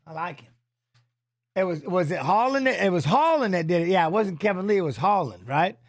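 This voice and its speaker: A man's voice: sits high, expressive, fairly quick, no room sound, studio quality. A middle-aged man hosting a casual livestream from his home office, chatting loosely while watching fights. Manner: rambling, loose, drops filler tags. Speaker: streaming host and former fighter.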